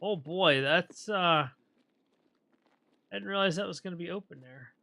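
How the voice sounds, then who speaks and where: A man streaming a game, rambling in casual commentary as he thinks aloud and often clears his throat. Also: high voice, a little slow, bright, forceful tone.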